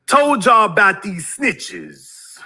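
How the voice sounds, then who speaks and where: A man delivering a ranting video monologue in a high-set voice that is very bright and cutting. He preaches at his audience and keeps hammering them with rhetorical questions. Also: big pitch swings, slow, vocal fry, breathy edge. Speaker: YouTube commentator.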